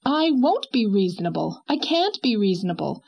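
A spirited young wife, passionate and protective, pressing her case with vehemence, as a woman reads her lines. The voice is slightly husky and climbs higher as she pleads. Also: big pitch swings, moderate pace, darkish tone, poor audio. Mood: vehement.

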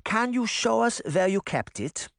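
A man plays a fearless old grandmother with a high, gentle voice. She is polite but firm, in a storybook reading with a dry sound. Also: very animated, unhurried, gravelly, dry recording, heavily acted. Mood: patient. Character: kindly old grandmother, brave and patient.

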